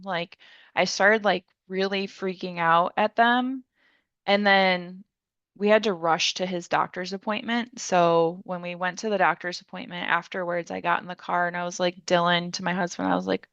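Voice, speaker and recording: A woman's voice: lowish voice, steady tone, normal speed, fairly bright tone, smooth, no room sound, highs cut off. A young woman telling her own story casually, rambling with many fillers and acting out what people said. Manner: rambling, heavy use of "like", acts out her own quotes. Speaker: podcast guest.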